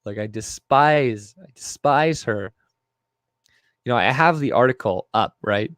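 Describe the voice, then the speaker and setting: A man's voice: medium pitch, unhurried, a bit bright, no room sound, clean studio sound. A young man hosting a live stream, ranting profanely and reading his chat aloud. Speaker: livestream host. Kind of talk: casual live-stream commentary.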